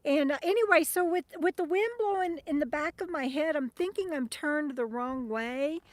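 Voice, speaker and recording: A woman's voice: sits high, normal speed, no echo. A woman chatting casually on an outdoor livestream, greeting viewers by name and often trailing off with ums. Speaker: livestream host. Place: outdoors at a campsite. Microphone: phone camera at arm's length.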